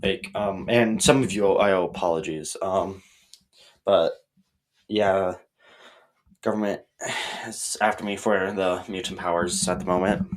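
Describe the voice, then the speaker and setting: A man's voice: low voice, steady tone, a little slow, long pauses, rough recording. A young man in a comedic vlog sketch who rambles and hesitates, filling his talk with ums. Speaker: vlogger.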